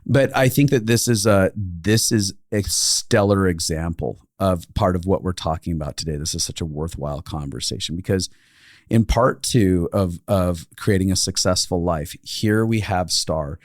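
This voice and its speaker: Man retelling a story with lively voices. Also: low voice, normal speed, no room sound, studio quality. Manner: animated storyteller, acts out voices of people in the story. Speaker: podcast co-host. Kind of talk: casual storytelling chat.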